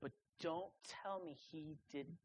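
A young woman delivers a sermon to a student group, stressing each key word and pausing for effect. Her delivery swings between quiet, low stretches and loud, rising bursts. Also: muffled recording, slight background noise. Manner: emphatic, drawn-out pauses on key words. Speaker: preacher at a student gathering.

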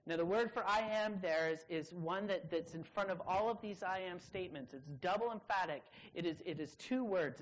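A young adult woman preaching a sermon to students, leaning hard on key words with drawn-out pauses. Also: mid-range voice, low-quality recording.

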